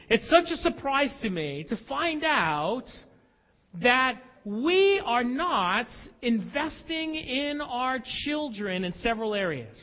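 A man preaching a sermon, animated and dramatic as he tells stories to a church. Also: very high voice. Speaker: pastor. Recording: dull audio with long hall reverb.

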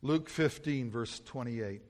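Taking it slowly in a mid-range voice, the middle-aged preacher spins self-deprecating stories in his sermon, even performing the yelling he once did.

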